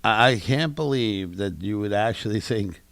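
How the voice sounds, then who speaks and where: A man's voice: lowish voice, lively intonation, normal speed, gravelly, a bit bright, no room sound. A man co-hosting a live stream, chatting casually and teasing. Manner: joking, teasing, does mock impressions. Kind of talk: casual chat.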